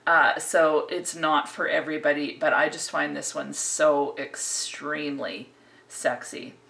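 A woman's voice: deep voice, flat delivery, unhurried, gravelly, a bit bright. A woman giving a casual, chatty, enthusiastic perfume review that rambles. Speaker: fragrance reviewer.

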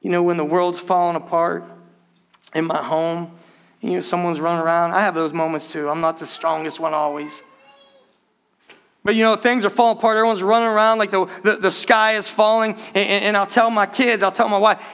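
High, bright-voiced male pastor preaching. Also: a little fast. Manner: animated storytelling, addresses congregation as "church". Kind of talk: sermon.

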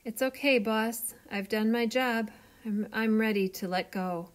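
A woman's voice: fairly high pitch, a little slow, close to an everyday voice. A woman reading aloud, voicing a strong, brave working man who drives steel, in an earnest, determined manner. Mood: tired.

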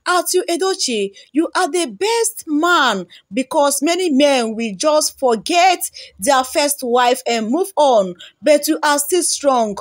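A Nigerian woman hosts a gossip channel, reading out comments and reacting with dramatic, pleading excitement. Her voice sits high and swings widely up and down as she talks. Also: slow.

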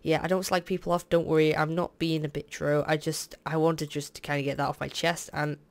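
A young man with a fairly high, flat-pitched voice hosts a Let's Play, rattling off brisk, rambling gameplay commentary with vocal fry. He sounds tired and keeps yawning, hesitating with lots of "um"s and wandering into candid asides.

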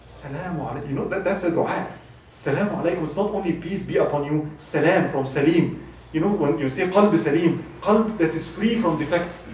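A man giving a sermon, telling a story with lively acted quotes. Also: fairly high pitch, moderate pace. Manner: animated storyteller, voices quoted speech, laughs. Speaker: khutbah speaker. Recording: echoey hall from far off.

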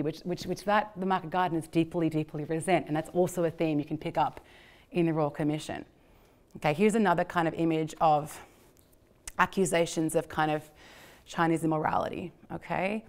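A woman's voice: deep voice, steady tone, fairly quick. A woman giving an illustrated history lecture in a conversational way, with frequent fillers and repeated words. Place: lecture venue.

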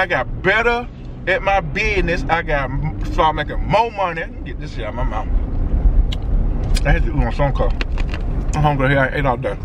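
A man, vlogging from his truck at a car lot, excited and rambling, swearing freely. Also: a little high, noisy background. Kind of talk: casual vlog talk to camera.

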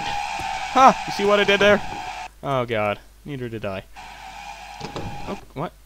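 A young man giving let's play commentary, excitable, swearing and shrieking in fright. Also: a little high, slow, background noise. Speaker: gamer. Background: game music.

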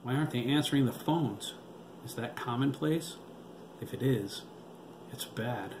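A man voicing a wry, cultured man who drinks cognac and frets quietly. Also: mid-range voice, a little slow, close to an everyday voice. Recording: roomy with background noise.

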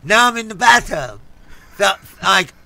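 A man with a gravelly, very bright and forceful voice tells a story on a comedy podcast in a studio. His pitch sits a little high and swings widely, and he often breaks into laughter and swears between phrases. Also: lively intonation, a little slow. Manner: rambling storyteller who keeps laughing and swearing. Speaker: podcast co-host telling a story. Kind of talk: casual comedic podcast chat.

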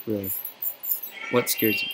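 A man's voice: measured pace, noisy background. A man watching a friend play a game, teasing him and laughing often in casual chat.

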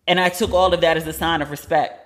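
A woman hosting a podcast, giving a blunt, animated recap of a TV episode in casual chat and swearing freely. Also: low voice, quick pace. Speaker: podcast host.

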